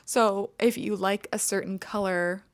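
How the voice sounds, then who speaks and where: A woman's voice: mid-range voice, unhurried, no echo. A young adult woman reviewing makeup in a casual vlog, ranting with exasperated sarcasm and dramatic emphasis. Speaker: beauty vlogger.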